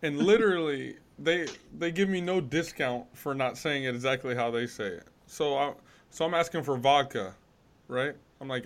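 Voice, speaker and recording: A man's voice: on the high side, a little fast, a bit bright. A man hosting a casual podcast chat, telling stories and leading the talk. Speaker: podcast host. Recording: clear background noise.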